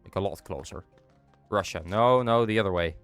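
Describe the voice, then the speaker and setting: With a stuffy nose from a cold, a young Dutch streamer chats easily with his audience, responding to chat as he games. He speaks at a moderate pace in a fairly low, smooth voice with a bit of brightness; there's no room sound, just faint music behind him.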